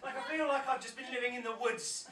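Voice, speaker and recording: A man in his thirties from South-West England performs a live poetry set on a pub stage, his very high-pitched, steady voice moving fast through anxious, rambling, self-interrupting patter as he often laughs at himself. He frequently drifts off the stage microphone. Recorded distantly in an echoey pub room with crowd sound, it's very noisy.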